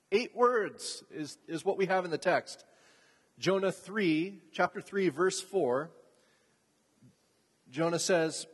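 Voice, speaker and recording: A man giving a sermon as a pastor, telling the story in a casual, chatty way with asides. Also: fairly high pitch. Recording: long reverb of a hall.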